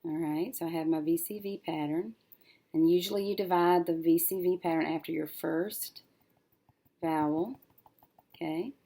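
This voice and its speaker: A woman teacher working through a syllable-division lesson, thinking aloud and slowly sounding out each syllable as she writes. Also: lowish voice, fairly even intonation, warm tone. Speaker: reading teacher.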